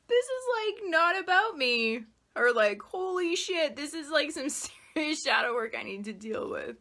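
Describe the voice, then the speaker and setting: A woman explaining meditation in a casual, gushing way, swearing freely and saying "like" a lot, then dropping soft and quiet to count a guided breathing exercise. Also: fairly high pitch. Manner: drops soft and quiet when guiding the breaths. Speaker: meditation teacher.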